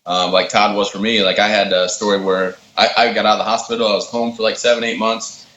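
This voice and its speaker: A man in his thirties, a podcast guest, telling stories in a casual, animated way and acting out the quotes. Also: on the low side, fast, slight background noise. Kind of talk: casual storytelling. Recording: roomy, slightly dull sound with faint ambience.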